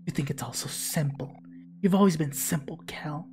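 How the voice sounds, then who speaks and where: A woman's voice: moderate pace, natural voice. A woman reading game dialogue aloud, voicing a sullen teenage girl who is cold and bitter. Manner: low, quiet and curt.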